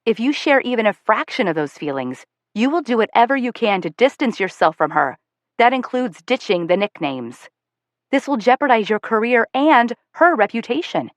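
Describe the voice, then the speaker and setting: A woman's voice: on the high side, big pitch swings, moderate pace, no room sound, pitched above the performer's own voice. A woman reading an audiobook, voicing a stern, protective middle-aged mother who speaks firmly and accusingly. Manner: firm and accusing. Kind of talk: audiobook character voice.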